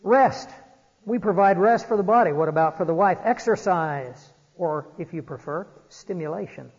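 A man preaching an earnest, exhorting sermon from a church pulpit, often pausing on "uh". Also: sits high, husky. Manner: earnest, exhorting, frequent "uh" fillers. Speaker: pastor. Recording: dull recording in a reverberant church hall.

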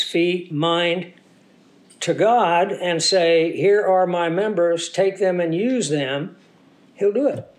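A man preaching a sermon, teaching with rhetorical questions to the congregation and sounding a little congested. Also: on the high side. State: congested from a sinus infection. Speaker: pastor.

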